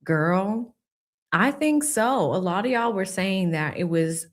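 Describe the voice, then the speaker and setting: A woman hosting a casual livestream, reading viewer comments aloud and laughing as she mocks the people she talks about with quick impressions. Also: mid-range voice, expressive. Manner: reads viewer super chats aloud, laughing and mocking. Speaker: livestream host.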